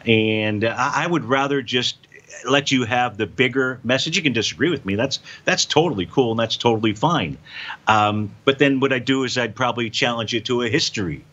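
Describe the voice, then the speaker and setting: A man's voice: mid-range voice, a little fast, sharp tone, highs cut off. A man hosting a live financial talk show, folksy and emphatic, answering viewer questions and repeating his points. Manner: folksy, emphatic, repeats phrases, says "out there" a lot. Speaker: market show host.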